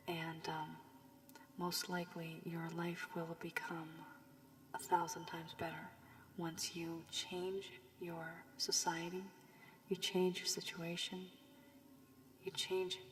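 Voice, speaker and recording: A woman giving a tarot reading with advice, her voice worn from illness, speaking softly and often half-whispering. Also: on the low side. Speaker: tarot reader. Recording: long room reverb, faint background hiss.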